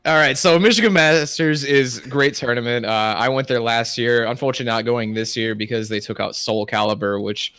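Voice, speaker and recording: A man's voice: medium pitch, steady tone, a little fast, hardly any pauses, a bit bright, clear, resonant tone, no echo. A man hosting a casual gaming podcast, steering the talk and listing games with small hesitations. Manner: leads the talk, lists names with hesitations. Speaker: podcast host. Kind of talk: casual chat.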